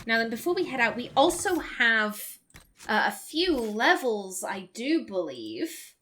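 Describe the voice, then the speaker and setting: A woman's voice: fairly high pitch, very animated, a little slow, fairly bright tone. A woman hosting a casual let's play, chatting enthusiastically over gameplay with plenty of fillers and restarts.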